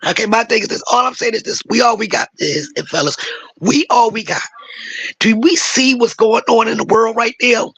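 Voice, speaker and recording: A hoarse woman speaks with a gravelly, raspy voice, pouring out an impassioned opinion as a caller. She gets emotional and breaks into shouting, then apologizes. The sound is dry and close. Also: a little high, moderate pace, no echo, low-quality recording. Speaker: caller in an audio chat room.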